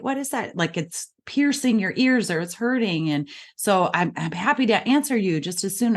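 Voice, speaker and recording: A middle-aged woman giving parenting advice as a podcast guest, calm and explaining step by step. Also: medium pitch. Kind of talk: advice in interview.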